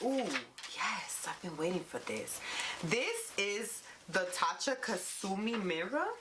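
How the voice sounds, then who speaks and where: A young woman beauty vlogger gushing playfully through a casual unboxing at home, talking to her viewers. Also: lowish voice. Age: young adult. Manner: gushing and playful, calls viewers "you guys". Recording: steady background noise and clicks.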